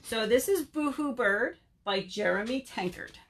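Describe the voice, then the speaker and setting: A woman librarian leading a virtual story time, reading a picture book aloud and chatting to young children in an animated way. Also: a little high. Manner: animated, slow, talks to children.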